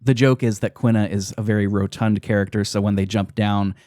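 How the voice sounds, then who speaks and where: A man's voice: on the low side, fairly even intonation, brisk, warm tone, no room sound, clean studio sound. A man hosting a podcast, casually retelling a game's story, laughing often and swearing now and then. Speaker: podcast host.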